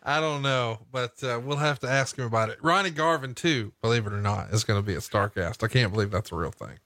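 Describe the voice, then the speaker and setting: A man's voice: mid-range voice, a little fast, sharp tone, no room sound. A man hosting a casual chat and reading fan questions. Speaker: host.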